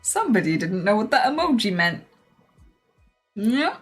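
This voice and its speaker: A woman's voice: medium pitch, big pitch swings, normal speed, faint music behind. A woman streamer reading memes aloud and reacting, laughing often and swearing freely.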